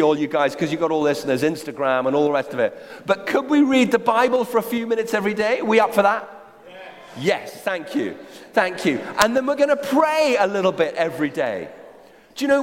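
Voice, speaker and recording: A man preaching a sermon, exhorting his congregation directly with rhetorical questions. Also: high-pitched. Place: church hall. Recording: long reverb of a large hall.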